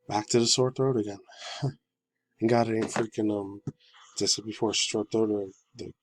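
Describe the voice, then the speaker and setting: A man in his thirties, hoarse from a sore throat, rambling casually through a vlog as a gaming news host. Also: on the low side, a little hiss or hum, poor audio. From United States. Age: 30s. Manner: rambling, fillers, loose slangy talk.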